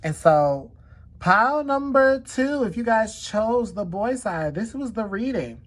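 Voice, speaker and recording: A woman's voice: a little high, expressive, measured pace. A woman hosting a casual card reading, chatty and leaning on the word "definitely" again and again. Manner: chatty, repeats "definitely" often. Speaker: tarot card reader.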